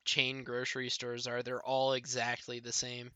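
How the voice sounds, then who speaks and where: Man, very bright tense voice, mid pitch, dry close sound, casual joking chat. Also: completely flat delivery, moderate pace, smooth, no echo.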